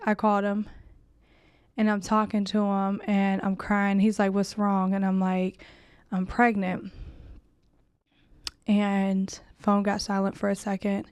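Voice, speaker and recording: A woman's voice: mid-range voice, smooth, dry recording, studio quality. A young adult woman candidly telling a heartfelt personal story, full of "like" fillers.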